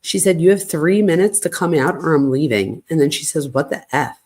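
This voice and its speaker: Speaking fairly quickly in a deep voice, this woman runs a true crime channel. It's night at home, and she reads a run of text messages aloud in a flat, casual way, pausing now and again to quiet her barking dog.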